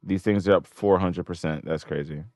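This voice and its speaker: A man's voice: low-pitched, normal speed, darkish tone, no echo, studio quality. A man narrating his own trading live, swearing and repeating himself in disbelief at the numbers. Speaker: options trader.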